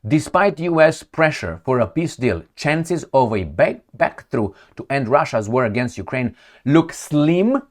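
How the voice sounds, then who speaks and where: A man's voice: mid-range voice, very animated, unhurried. A man giving opinionated commentary on news headlines, mocking and emphatic, often repeating himself for effect. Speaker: political commentator.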